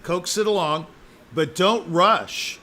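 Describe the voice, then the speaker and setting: A man's voice: sits high, takes it slowly, pushed and bright. A man giving a musician live spoken feedback as an audition judge, emphatic and jokey, repeating his points.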